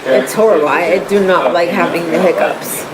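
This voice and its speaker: Woman livestreamer with the hiccups, flustered, noisy stream audio. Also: fairly low pitch. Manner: flustered, halting, many fillers. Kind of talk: casual livestream chat.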